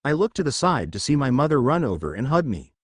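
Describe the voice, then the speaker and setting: A man's voice: medium pitch, very animated, fast, husky, dry recording. A man narrating a first-person fan fiction story and reading every character's lines in his own voice. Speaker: fanfiction narrator.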